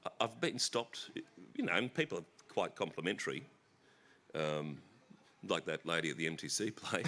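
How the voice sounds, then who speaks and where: Australian male guest, middle-aged, deep and lively, bright-toned, stammering and self-deprecating on a festival stage. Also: measured pace, creaky, a little hiss or hum. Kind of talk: onstage conversation.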